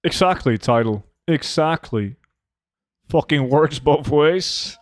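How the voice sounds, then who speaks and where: A relaxed male streamer talks in a loose, joking way and swears freely as he answers his viewers. His voice sits at an ordinary middle pitch. The sound is close and dry, with no room around it. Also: measured pace, dry recording. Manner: swears a lot, joking and laid-back, reacts to chat. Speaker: live streamer. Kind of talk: casual live-stream chat. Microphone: desk microphone.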